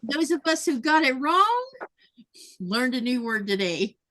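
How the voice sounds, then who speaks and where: A woman's voice: high voice, big pitch swings, unhurried, a bit bright. A woman hosting a casual sewing livestream, chatting and laughing often as she reads viewer comments aloud. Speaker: livestream host.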